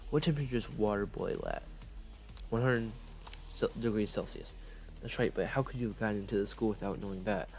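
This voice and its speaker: A man's voice: lowish voice, a little fast, creaky, a little mellow, soft background music. A man reading a story game aloud, playful and breaking off for jokes.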